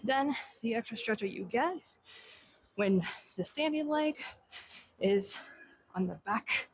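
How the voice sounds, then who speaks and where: A young woman teaching a stretching warm-up, slightly out of breath, counting aloud in Japanese. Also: fairly high pitch, lively intonation, slow, breathy edge, dry recording, rough recording. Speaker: fitness instructor. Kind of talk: instructional demo while exercising.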